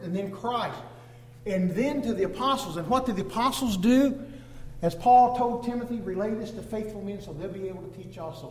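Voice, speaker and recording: A man preaching a sermon, emphatic, swinging from loud stressed words to low, drawn-out phrases. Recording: echoey hall.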